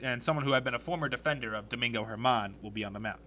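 A young man hosting a solo sports podcast, animated and blunt, swearing freely as he rants about his team. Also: medium pitch, racing, slight background noise.

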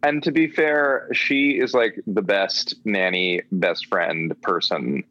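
A man's voice: low voice, takes it slowly, bright, forceful tone, muffled recording. A man co-hosting a podcast, chatting casually and enthusiastically about a film, rambling with lots of "like"s. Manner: enthusiastic, rambling, many "like"s and restarts. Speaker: podcast co-host.

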